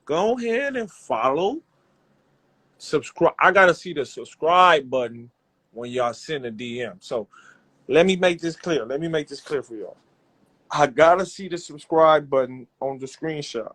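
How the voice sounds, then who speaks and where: A man who runs a rap label, talking loud and profane in repetitive hype bursts while he pushes a cash giveaway on a livestream. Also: fairly high pitch, normal speed. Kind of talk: hyped social media livestream.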